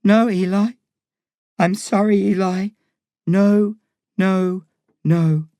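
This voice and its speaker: A man voicing a heartbroken imprisoned mother who softly refuses her son. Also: sits high, fairly even intonation, extremely slow, clean tone, no echo, pitched above the performer's own voice. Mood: sorrowful.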